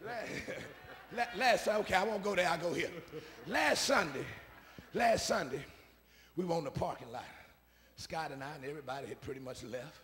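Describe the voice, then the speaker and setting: A man a call-and-response sermon, repeating his phrases and swinging from soft asides to shouts. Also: fairly high pitch, normal speed, a little hiss or hum. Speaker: preacher. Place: church sanctuary. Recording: preaching in a reverberant church hall.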